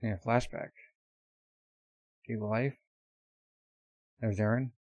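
A man's voice: on the low side, steady tone, slow pace, darkish tone, no room sound. A man doing a live reaction, reading a manga aloud and describing the panels in short bursts.

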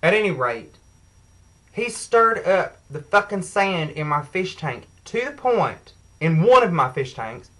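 A woman's voice: lowish voice, very animated, measured pace, rough recording. A woman telling an angry, profane story to her viewers in a sassy, heated way. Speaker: vlogger. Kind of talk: angry rant to camera.

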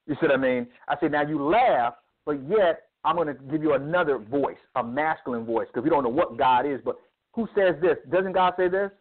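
Heard over a tinny phone line, a man with a voice on the high side speaks at a moderate pace in an interview about men's ministry. He tells stories emphatically, like a preacher, acting out the dialogue.

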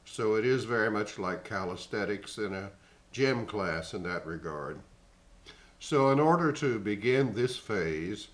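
Older man teaching singing, slow and echoey. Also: lowish voice, fairly bright tone. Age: 60s. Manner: measured, explanatory teacher. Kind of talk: singing lesson demonstration.

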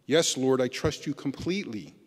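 A man voicing a desperate man hanging from a cliff branch, calling out in a raised, higher pleading voice, with long church reverb. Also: lively intonation, moderate pace, natural voice.

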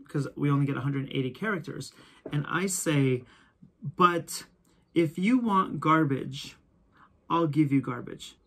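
Man, photographer host, casual storytelling, animated, husky voice. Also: a little high. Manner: animated, acts out quoted voices.

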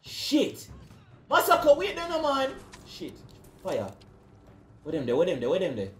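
A young man gives rowdy, slang-heavy commentary while he plays. His voice sits high and swings widely in pitch. The recording is roomy, with faint game music behind him. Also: huge pitch swings, measured pace, a little hiss or hum. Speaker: gaming video creator. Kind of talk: gameplay commentary.

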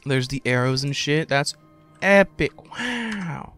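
High-voiced, unhurried man gaming. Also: faint music behind. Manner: excitable, profane, breaks into yelling. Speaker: let's play gamer. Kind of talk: casual gameplay commentary.

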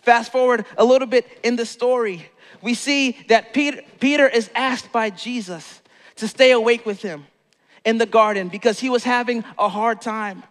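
A man's voice: extremely high pitch, normal speed, fairly bright tone, big-room sound. A man preaching a sermon as pastor, telling a story playfully and acting out the quotes.

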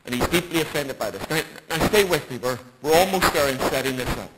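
A man's voice: on the high side, expressive, a little fast, poor audio. A man preaching a bible study sermon in an emphatic way, with rhetorical questions. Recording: loud background noise.

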